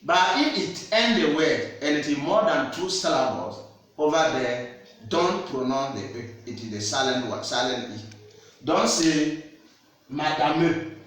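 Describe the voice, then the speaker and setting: A man teaching a language lesson. He speaks slowly, repeats each word, and often asks the listener whether they understand. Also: mid-range voice, expressive, a bit bright. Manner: slow, repeats words and checks understanding. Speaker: French teacher. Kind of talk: classroom-style language lesson. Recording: echoey room, voice from a distance.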